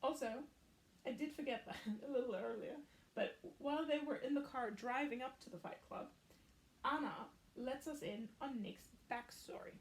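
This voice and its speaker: High-voiced woman chatting sarcastically. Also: moderate pace. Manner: chatty and sarcastic, with wry asides. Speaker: film recap YouTuber. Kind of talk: casual film recap.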